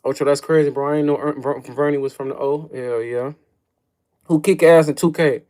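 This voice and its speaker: A man's voice: on the high side, fairly even intonation, fairly quick, a little mellow. A young man hosting a casual livestream, rambling in slangy, profane talk, calling everyone folks and answering chat questions. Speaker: livestream host.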